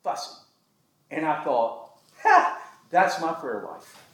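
A man's voice: on the high side, huge pitch swings, slow pace, a bit bright, echoey room, a little hiss or hum, poor audio. A man preaching a sermon, telling folksy stories with jokes. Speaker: pastor.

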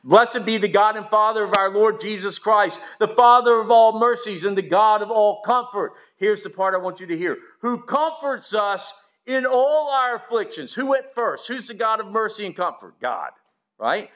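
A man preaching a sermon, emphatic, asking the listeners rhetorical questions and swinging from loud to hushed. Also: high voice, animated, moderate pace.

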